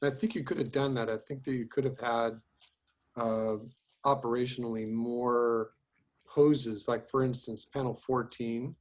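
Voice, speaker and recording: A man's voice: medium pitch, steady tone, unhurried, darkish tone. Man, instructor, online class critique, loose and rambling, video call. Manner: chatty, many restarts and fillers. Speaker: storyboard instructor.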